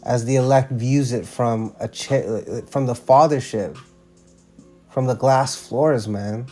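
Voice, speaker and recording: A man's voice: mid-range voice, slow pace, a little mellow, faint music behind. A man giving casual religious commentary, emphatic and slangy, often restarting his sentences.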